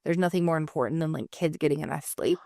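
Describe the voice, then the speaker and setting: Woman cohost, kinda low voice, swears a lot, rambly stories, dry sound. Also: quick pace, creaky, dark tone, no echo. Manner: swears often, rambling storytelling. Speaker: podcast co-host. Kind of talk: casual chat.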